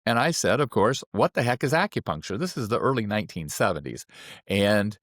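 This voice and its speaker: A man in his seventies, an acupuncturist, telling personal stories in a relaxed anecdotal way. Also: lowish voice, a little fast, no echo, clean studio sound. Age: 70s. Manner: relaxed anecdotal, acting out quoted voices. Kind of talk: personal storytelling.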